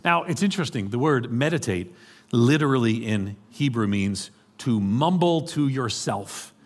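A man's voice: medium pitch, measured pace. New York man preaching in a reverberant hall. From New York City. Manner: animated, joking asides to the congregation. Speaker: pastor. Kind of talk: sermon. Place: church hall.

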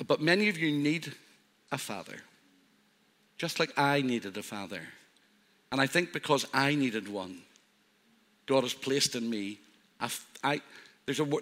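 An older man preaching as pastor, telling humorous personal stories. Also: medium pitch. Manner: warm storytelling with self-deprecating humor. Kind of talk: sermon. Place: church hall. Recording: live church hall reverb.

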